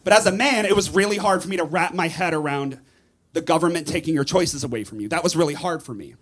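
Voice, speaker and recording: A man doing a stand-up comedy set on a club stage, animated and shouting his punchlines, recorded live through a stage mic with audience noise. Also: on the high side, fast talker.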